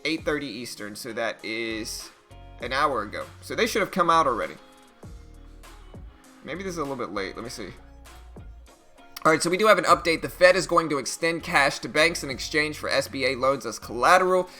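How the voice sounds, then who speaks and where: A man hosting a casual day-trading live stream, reading market news and reacting to stocks in a chatty, animated way. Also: medium pitch, brisk, soft background music.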